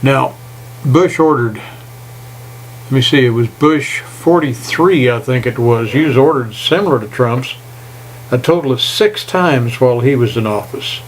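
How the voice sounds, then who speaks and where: An older man giving a folksy, indignant political rant, pausing to read stumblingly from notes. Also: medium pitch, a little hiss or hum, low-quality recording. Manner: folksy, reads haltingly, indignant. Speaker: political commentator. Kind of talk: opinion rant to camera.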